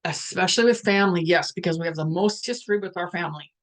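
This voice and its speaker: A middle-aged woman hosting a live spiritual talk, speaking in a reflective, musing way with many restarts and pauses, and now and then putting on the voices of family members. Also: lowish voice. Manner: quotes family conversations in lively voices. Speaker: spiritual empath host.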